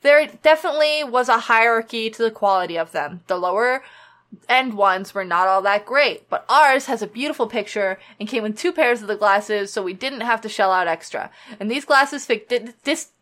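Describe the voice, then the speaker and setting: A woman co-hosts a casual podcast chat. Her voice sits a little high, and she tells her stories plainly with a dry, joking edge. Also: animated, moderate pace, fairly bright tone. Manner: reads listener mail and tells stories with frank humor. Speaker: podcast co-host.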